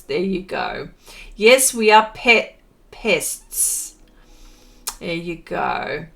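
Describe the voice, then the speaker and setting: A woman's voice: medium pitch, a bit bright. A woman hosting a painting live stream, casually reading viewer comments aloud, tripping over hard words and laughing at herself.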